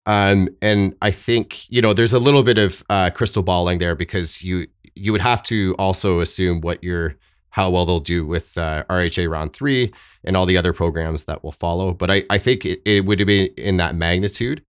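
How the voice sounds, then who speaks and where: A man speaking as a podcast guest, thoughtful and halting with frequent restarts and fillers. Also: deep voice, smooth, dry recording, clean studio sound. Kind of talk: podcast interview.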